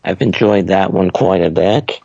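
Deep gravelly man, halting podcast talk. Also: a little mellow, no room sound. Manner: halting, drawn-out, with many "uh"s. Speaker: podcast co-host. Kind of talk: casual chat. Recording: dull lo-fi dry sound.

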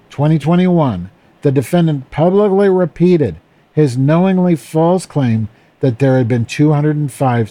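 A man with a mellow, dark voice reads a dry legal document aloud as a comedy bit, in the persona of a drag host. He stumbles and restarts words often. He breaks away for wry, self-mocking asides to his listeners. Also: medium pitch. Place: in Chicago.

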